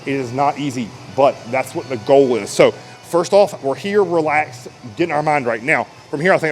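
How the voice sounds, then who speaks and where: Energetic man coaching a workout. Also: a little high, brisk, faint music behind, poor audio. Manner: energetic, talks while lifting and straining. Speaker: fitness coach. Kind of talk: casual exercise demonstration.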